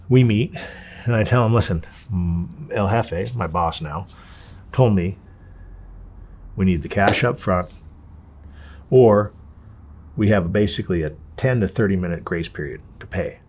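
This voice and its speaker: Low-voiced man telling a wild story. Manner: profane, animated, acts out quotes. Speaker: interviewee. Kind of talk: candid storytelling.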